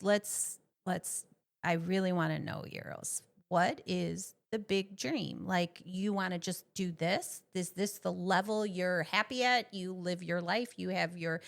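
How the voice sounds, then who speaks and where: Slow-talking woman podcast co-host. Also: on the low side, gravelly. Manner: chatty, asks follow-up questions. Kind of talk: casual interview chat.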